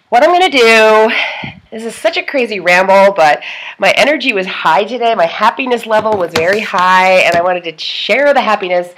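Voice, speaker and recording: A woman's voice: medium pitch, expressive, moderate pace, a little hiss or hum. A woman rambling casually in a personal vlog, chatty and jokey, laughing often between thoughts. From part Lithuanian. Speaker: vlogger.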